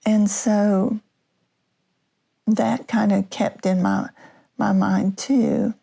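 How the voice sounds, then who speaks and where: Female podcast host, slow and halting storyteller, dark gravelly tone. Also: mid-range voice, fairly even intonation. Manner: halting, many restarts and fillers. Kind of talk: personal storytelling.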